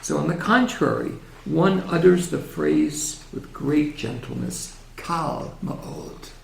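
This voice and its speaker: A man giving a gentle, reflective religious lecture in a synagogue hall, often asking his audience questions. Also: a little high, expressive, measured pace, vocal fry.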